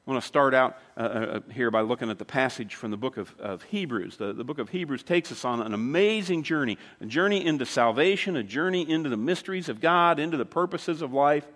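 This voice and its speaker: Pastor preaching in an echoing sanctuary. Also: male voice, medium pitch, expressive, brisk, hardly any pauses, fairly bright tone. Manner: storytelling, conversational with dramatic emphasis. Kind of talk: sermon. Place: church sanctuary. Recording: long reverb of a large hall.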